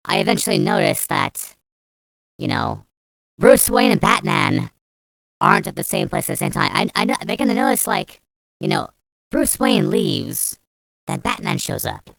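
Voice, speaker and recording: With a medium-pitched, expressive voice and moderate pace, a young vlogger angrily rants through a story, swearing heavily and rambling with restarts. The recording has no room sound.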